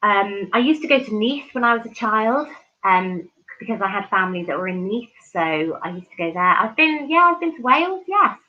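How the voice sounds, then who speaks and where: A fairly high-voiced woman chats casually with viewers on a live stream, answering their comments one after another. She talks effusively with many ums and restarts. The stream audio is dull and lo-fi. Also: lively intonation, brisk. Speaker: livestream host.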